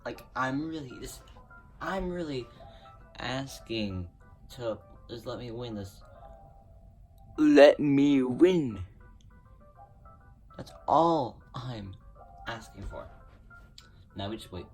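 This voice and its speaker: A man giving casual commentary over his own gameplay, excitable and prone to groaning and pleading at the game. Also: mid-range voice, takes it slowly, long pauses, recorded from a distance. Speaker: gaming YouTuber. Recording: voice a bit off-mic over loud game music. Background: video game music.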